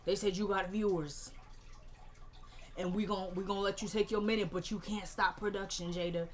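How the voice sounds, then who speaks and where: A woman's voice: medium pitch, normal speed. A young woman casually recapping a TV episode on her vlog, chatting and acting out the dialogue. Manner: animated, acts out dialogue, chatty. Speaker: TV show reviewer. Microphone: camera mic.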